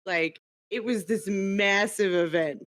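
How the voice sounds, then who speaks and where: A woman co-hosting a podcast in casual chat, animated and teasing, filling her talk with "like". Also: medium pitch, slow, dry recording, studio quality. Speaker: podcast co-host.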